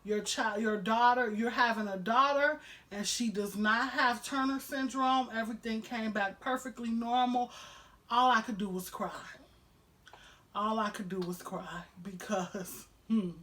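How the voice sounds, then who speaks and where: Candid higher-voiced woman vlogger. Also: a little slow, a bit bright. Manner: emotional, candid, frequent "you know" fillers. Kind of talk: personal storytelling to camera.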